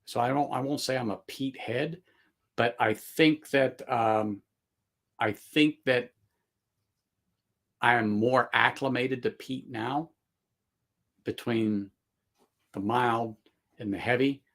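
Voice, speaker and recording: A man's voice: mid-range voice, slow pace, long pauses, a bit bright. A man hosting a casual livestream chat, rambling with many fillers and restarts and laughing often. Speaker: livestream host.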